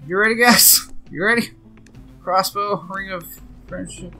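A man giving excitable let's play commentary, yelping, swearing and cheering at the game as he plays. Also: sits high, unhurried, soft background music. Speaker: gaming channel host.

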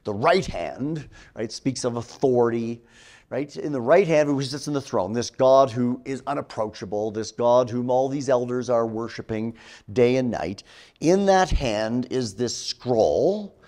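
A man's voice: mid-range voice, unhurried. Middle-aged guy teaching a bible class, voice swings up and down a lot, keeps asking right?. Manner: animated teaching with frequent "right?" tags. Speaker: theology lecturer. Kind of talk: classroom lecture.

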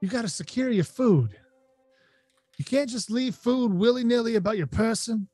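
A man's voice: normal speed, darkish tone, breathy edge, dry recording. A cheerful professor of magical creatures with a put-on twang, as a man voices him. The voice sits well above the performer's own and sounds folksy and chirpy. It is recorded close and dry, with faint music behind it. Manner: chirpy, folksy, higher than his own voice.

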